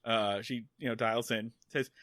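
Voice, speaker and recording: A man's voice: medium pitch, lively intonation, moderate pace, bright, forceful tone, no room sound. A man co-hosting a casual podcast, walking through a TV plot step by step and acting out the characters' lines. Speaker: podcast co-host.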